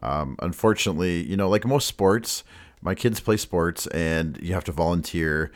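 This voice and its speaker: Very deep-voiced man, giggly co-host. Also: normal speed. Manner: giggly, easygoing, laughs often. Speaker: podcast co-host. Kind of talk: casual chat.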